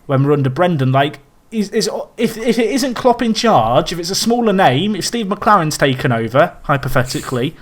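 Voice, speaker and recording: A man from England co-hosting a casual football podcast, talking in an animated, ranting, self-deprecating way. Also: on the high side, normal speed, hardly any pauses. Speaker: podcast co-host.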